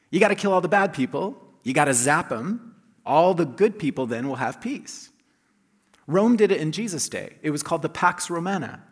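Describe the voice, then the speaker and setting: A man's voice: a little high, a bit bright, husky. A man preaching a casual, conversational sermon in a church, with restarts and chuckles, speaking into a microphone. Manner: conversational and self-deprecating, with restarts and laughs. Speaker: pastor. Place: church sanctuary. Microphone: handheld or lapel mic, checked aloud. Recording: long reverb of a large hall.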